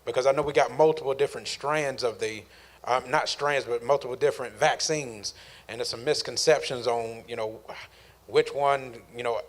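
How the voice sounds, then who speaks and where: Guy reading out a viewer question, mid-pitch voice, kinda fumbling for words. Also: steady tone, moderate pace. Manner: hesitant, searching for words. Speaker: question reader.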